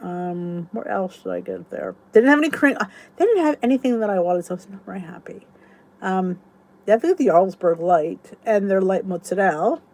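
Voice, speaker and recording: A woman's voice: mid-range voice, animated, moderate pace, darkish tone. Chatty woman host rambling to viewers. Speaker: YouTube channel host. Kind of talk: casual chat to viewers.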